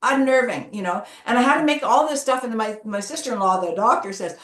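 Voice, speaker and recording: Woman guest speaker, candid and animated, roomy echoey call sound. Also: on the high side, fairly quick. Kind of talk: casual conversation. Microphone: video call.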